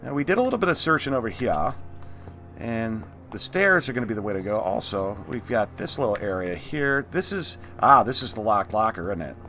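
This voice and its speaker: A man's voice: lowish voice, lively intonation, brisk, pushed and bright. A man hosting a let's play, giving casual gameplay commentary with chatty, half-muttered asides.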